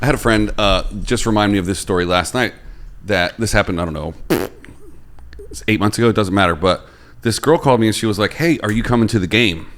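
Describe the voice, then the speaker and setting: A man hosting a podcast, chatting casually and tossing in crude jokes and quick one-liners. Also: fairly low pitch, fairly bright tone. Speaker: podcast host.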